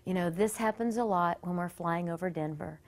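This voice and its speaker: A woman doing a soft, kindly grandma. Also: lowish voice, a little fast, pitched below the performer's own voice, lightly acted. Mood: soothing. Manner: soft, gentle and reassuring. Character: kindly grandmotherly woman soothing a nervous stranger.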